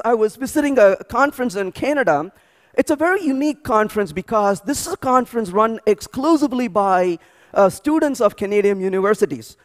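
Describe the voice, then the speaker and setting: A man speaking at a programming conference, telling animated stories with frequent restarts and repeated words. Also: very high voice. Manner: animated storytelling with many restarts. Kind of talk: energetic tech conference talk. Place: large conference hall.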